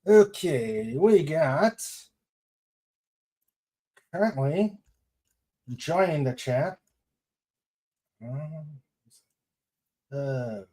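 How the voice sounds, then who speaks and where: Slow, sing-song man hosting a stream. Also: a little high. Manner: laughs easily, unhurried, lively intonation. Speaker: host. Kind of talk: livestream hosting, casual chat.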